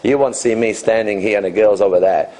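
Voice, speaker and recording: A man's voice: fairly low pitch, fairly quick, warm tone, low-quality recording. A man in his fifties, a dating coach answering interview questions in a loose, rambling way, full of "you know" and restarts. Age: 50s.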